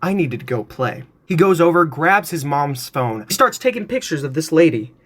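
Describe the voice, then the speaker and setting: A young man in his twenties spins a comic family story straight into his phone, his voice swooping up and down as he goes. The tone is bright and ringing, sitting a little high for a man. He plays every part with theatrical relish. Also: very animated, moderate pace. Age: 20s. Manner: playful, theatrical, acts out other people's voices. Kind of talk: animated storytelling to camera.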